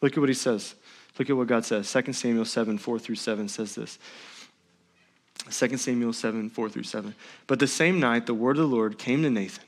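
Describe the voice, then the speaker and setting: A man preaching a sermon as pastor in a church, swinging between loud emphatic lines and hushed near-whispers. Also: medium pitch, brisk.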